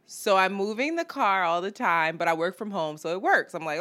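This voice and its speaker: Animated, foul-mouthed woman podcast host. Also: mid-range voice, moderate pace. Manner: animated, profane storytelling with frequent laughs. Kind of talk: casual chat.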